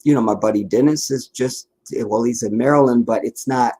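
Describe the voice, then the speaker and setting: This livestream host, a tired, worn-out man from the Washington DC area, speaks at a moderate pace in a mid-range, dark, husky voice. His casual chat meanders, full of restarts and asides.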